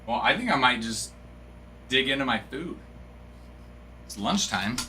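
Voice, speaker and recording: A man hosting a live card-opening stream, chatting excitably and breaking into yells of delight. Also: mid-range voice, unhurried, slight background noise.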